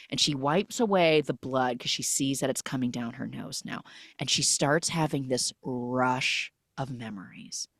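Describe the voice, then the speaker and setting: A woman hosting a podcast, recapping a film in a casual, animated storytelling way and acting out the characters' lines. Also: low voice, no room sound, clean studio sound. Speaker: podcast host.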